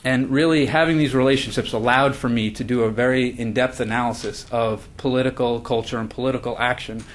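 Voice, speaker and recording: A man's voice: medium pitch, fairly even intonation, fairly quick. A man, as the author, giving a book talk at a launch event, earnest, with frequent fillers and restarts. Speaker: author presenting his book.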